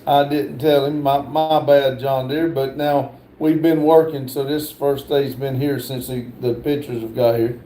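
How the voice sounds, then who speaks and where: Slow-talking livestream host in a roomy space. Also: male voice, mid-range voice, level tone, warm tone. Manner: slow, halting, lots of "uh" fillers. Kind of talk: casual livestream chat, reading viewer comments aloud.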